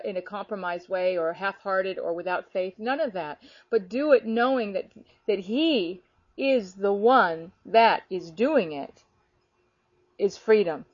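A woman talking casually about her faith, earnest and animated, filling her talk with "you know.". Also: medium pitch, no echo. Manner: animated, earnest, many fillers. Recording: dull lo-fi sound.

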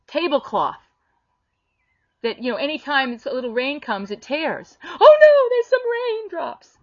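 A fairly high-voiced woman delivers a sermon, blunt and emphatic, with sudden sharp lifts when she voices others. The recording is dull and lo-fi, with a dry, close sound and no room around it. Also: no room sound. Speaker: preacher. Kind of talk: sermon-style teaching.

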